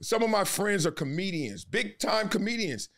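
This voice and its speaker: A man speaking as a guest in a casual interview, animated and emphatic, with a slangy way of talking. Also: high voice, moderate pace. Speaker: podcast guest, sports commentator.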